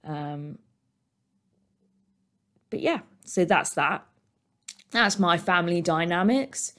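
A woman's voice: on the low side, lively intonation, slow pace, a bit bright. Chatty British woman hosting a podcast. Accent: British English. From Britain. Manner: chatty and rambling, many ums and likes. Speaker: podcast host. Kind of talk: casual solo podcast chat. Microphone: desk microphone.

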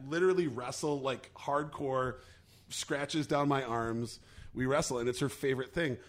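A man telling a funny story on a podcast in an animated, joking way. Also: mid-range voice, moderate pace. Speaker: podcast co-host. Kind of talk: casual storytelling.

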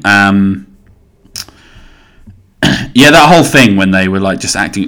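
A man's voice: fairly low pitch, slow, fairly bright tone. A man in his thirties hosting a solo podcast, rambling casually and swearing as he goes. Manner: rambling, sweary, self-interrupting. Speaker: podcast host.

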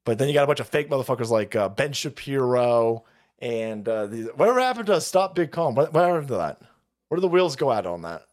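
Foul-mouthed man ranting, lively pitch. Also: a little fast. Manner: foul-mouthed, sarcastic, shouting outbursts. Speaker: political livestream host. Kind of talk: profane political rant.

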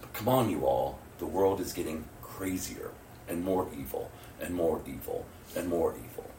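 Male pastor mid-sermon, swings loud to hushed, distant mic in a roomy hall. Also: low-pitched, expressive, normal speed, slight background noise. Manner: swings from loud exclamations to hushed near-whispers, laughs often. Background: congregation responses.

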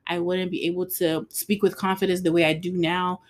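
A woman's voice: lowish voice, flat delivery, brisk. A woman co-hosting a faith podcast in casual chat, laughing often and acting out her parents' lines. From abroad, moved to the US. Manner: laughs often, quotes family in voices. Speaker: podcast co-host.

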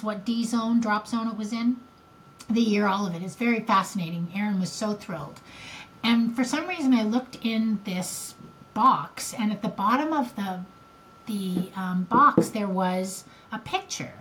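A woman's voice: mid-range voice, measured pace, a bit bright. An older woman co-hosting a podcast, telling a family story in a rambling, emotional way. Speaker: podcast co-host. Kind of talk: casual chat.

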